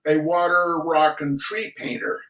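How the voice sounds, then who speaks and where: A man's voice: on the high side, flat delivery, unhurried, fairly bright tone, roomy sound, low-quality recording. A man hosting a casual art talk, chatty and restarting his sentences with repeated words. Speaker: podcast host.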